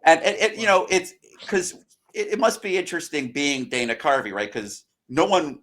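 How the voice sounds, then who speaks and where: A man's voice: fairly high pitch, moderate pace, a bit bright. An American man in a casual film-discussion chat, giving long, rambling explanations. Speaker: podcast co-host or guest.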